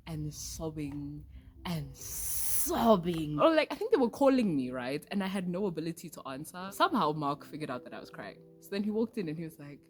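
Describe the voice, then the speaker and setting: A woman's voice: sits low, very animated, normal speed, a little mellow, soft background music. A teenage girl, telling a story to her vlog in a candid, dramatic way with casual slang. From South Africa. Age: teens. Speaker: vlogger.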